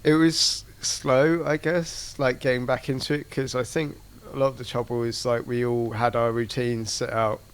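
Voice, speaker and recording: A man in a band answering interview questions in a relaxed, hesitant way, full of fillers. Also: medium pitch, normal speed, few pauses, a little hiss or hum. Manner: hesitant, relaxed, lots of likes. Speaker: band member. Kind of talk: casual interview chat.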